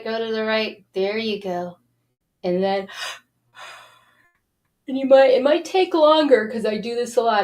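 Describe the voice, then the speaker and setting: An animated woman hosts a self-help show and coaxes her viewers along. Her pitch sits in a middle range for a woman, and she guides them through breathing exercises in an encouraging voice. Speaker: host.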